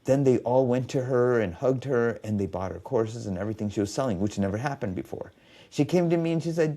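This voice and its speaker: A man's voice: mid-range voice, animated, fairly quick, mellow. A man telling stories in a podcast conversation as a biofeedback specialist, acting out quoted dialogue.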